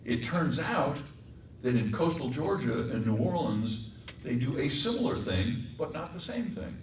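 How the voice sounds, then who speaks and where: A man teaching voice acting in a workshop lecture, breaking into accent and pitch demonstrations. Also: very animated, a little slow, slight background noise. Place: performing arts center room. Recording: echoey room, mic far off.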